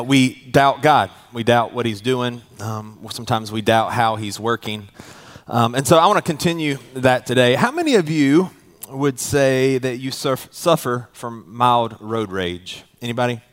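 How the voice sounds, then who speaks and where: A man's voice: mid-range voice, normal speed, soft background music. A male pastor, preaching a sermon in a conversational storytelling way, asking the congregation questions.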